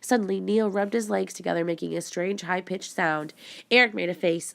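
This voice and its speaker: A woman reading a children's adventure book aloud, steady and expressive. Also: on the low side, moderate pace, creaky. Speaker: audiobook narrator. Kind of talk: storybook narration.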